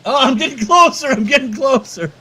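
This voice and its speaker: A man's voice: extremely high pitch, brisk, husky, low-quality recording. A man co-hosting a radio show, bantering loosely, swearing and laughing. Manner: loose, profane, laughing, animated.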